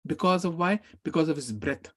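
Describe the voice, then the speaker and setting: A man who teaches a scripture class, retelling an epic in a lively way and speaking the characters' words aloud. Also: a little high, brisk.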